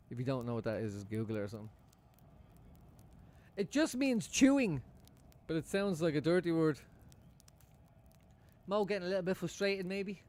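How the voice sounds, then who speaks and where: A man's voice: a little high, a little mellow. Chatty man streaming a match. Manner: chatty, swears freely, laughs often. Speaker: football streamer. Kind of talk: live match watchalong chat. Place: room at home.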